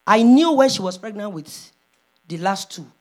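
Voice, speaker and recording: A pastor's wife preaching a sermon, moving from hushed storytelling to loud, impassioned calls. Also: female voice, medium pitch, lively intonation, moderate pace.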